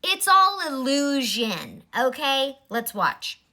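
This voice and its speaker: Slow-talking blunt woman in her forties. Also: high-pitched, very animated, pushed and bright. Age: 40s. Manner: blunt, exasperated. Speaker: vlogger. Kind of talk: commentary vlog.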